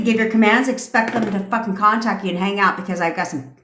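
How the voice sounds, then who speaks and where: A woman's voice: mid-range voice, fast talker, pushed and bright, a little hiss or hum. A woman in her thirties ranting on a live stream as a manifestation coach, blunt, commanding and full of swearing. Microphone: phone mic. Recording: echoey room.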